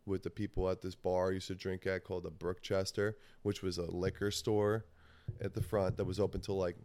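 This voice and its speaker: A man's voice: low voice, little pitch movement, brisk, a little mellow, no room sound. A man hosting a podcast, telling a rambling, profane story in casual talk and laughing often. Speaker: podcast host.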